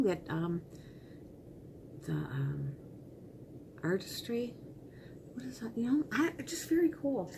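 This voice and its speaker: Lively chatty woman vlogging makeup. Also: fairly high pitch, heavy background noise. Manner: chatty and rambling, talks to herself. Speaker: beauty vlogger. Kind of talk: casual unboxing chat.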